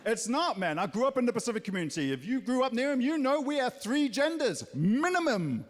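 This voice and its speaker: A man's voice: very high-pitched, very animated, fairly quick, long reverb tail, a little hiss or hum. A New Zealand man in his thirties doing a stand-up set on a theatre stage, punchy, with mocking asides. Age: 30s. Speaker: stand-up comedian.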